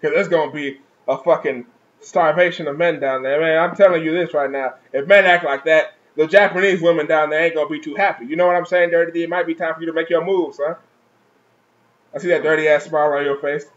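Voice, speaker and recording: A man's voice: on the high side, steady tone, quick pace, highs cut off. A man giving a casual, profane, mocking comic review, laughing often at what he describes. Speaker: manga reviewer.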